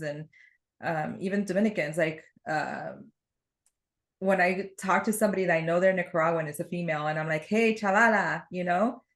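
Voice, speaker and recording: A woman guest in a casual podcast conversation, talking in a chatty, rambling way and laughing often as she tells stories. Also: lowish voice.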